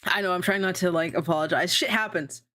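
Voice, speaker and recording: A woman streamer in casual live-stream chat, rambling, swearing and laughing often, her pitch jumping around. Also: fast, fairly bright tone.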